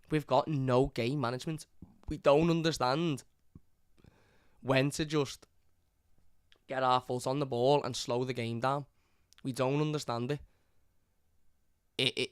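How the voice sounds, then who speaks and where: Young male fan host, exasperated live rant, clear smooth voice, dry close mic. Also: medium pitch, no room sound. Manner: frustrated, repetitive, swears often. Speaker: football fan channel host. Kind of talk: live match review rant.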